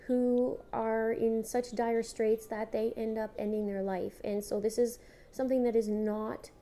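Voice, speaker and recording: A woman's voice: fairly high pitch, mellow. A mother speaking earnestly and directly to her viewers, telling her own story in a conversational way with frequent halts and restarts. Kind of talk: candid personal vlog storytelling.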